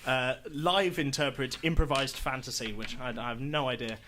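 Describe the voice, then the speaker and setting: A man's voice: mid-range voice, fairly even intonation, moderate pace, fairly bright tone, slight background noise. A man hosting a live tabletop role-playing show as game master, chatty and upbeat with many fillers. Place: live stage show before an audience.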